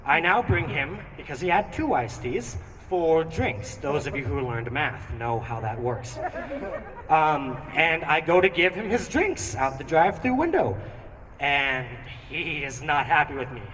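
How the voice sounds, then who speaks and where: A young man performing a stand-up comedy routine with animated, theatrical storytelling on a theatre stage. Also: fairly high pitch, measured pace. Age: young adult. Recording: echoey hall, distant mic, noisy.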